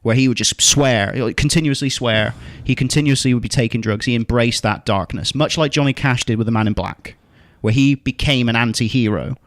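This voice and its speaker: A man's voice: mid-range voice, fairly quick, hardly any pauses, no room sound. A man hosting a podcast debate, arguing passionately with plenty of swearing and emphatic repetition. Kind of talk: casual debate chat.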